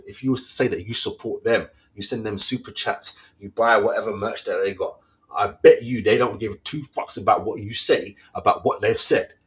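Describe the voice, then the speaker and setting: A man, hosting a fan channel and ranting casually in slang, full of rhetorical questions. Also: on the low side.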